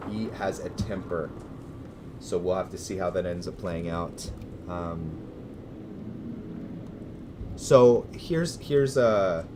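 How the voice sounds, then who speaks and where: Rambling Californian man streaming, low-voiced. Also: slight background noise. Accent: American, Californian. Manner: rambling and hesitant, many restarts, bursts of loud cheerful greetings. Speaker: gaming livestreamer. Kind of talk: casual livestream chat with viewers.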